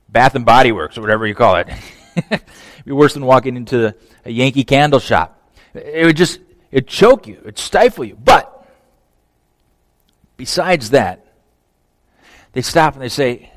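A man preaching a conversational sermon, swinging from emphatic to hushed. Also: mid-range voice, no room sound, long reverb tail. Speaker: pastor.

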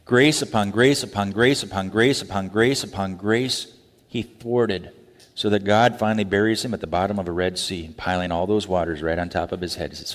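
A man preaching a sermon, animated, acting out quick voices and laughing asides. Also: lowish voice. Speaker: pastor. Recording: long hall reverb.

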